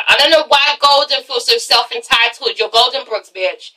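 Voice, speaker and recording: A woman vlogging a casual reality-TV recap, sassy and animated, swearing freely and acting out the cast members. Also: a little high, moderate pace, hardly any pauses, distant mic, low-quality recording. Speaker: vlogger reviewing a TV show.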